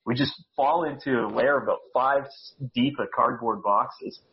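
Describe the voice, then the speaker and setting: A man's voice: medium pitch, normal speed, lo-fi sound. A Canadian man, a guest on a casual podcast interview, talking in a chatty, self-deprecating way and laughing easily. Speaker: guest, speaker coach.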